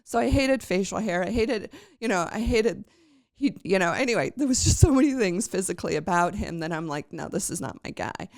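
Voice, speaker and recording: A woman's voice: medium pitch, animated, a little fast, hardly any pauses, a little mellow, no echo, studio quality. A woman podcast host telling a personal story in a chatty, rambling way, with many fillers and restarts.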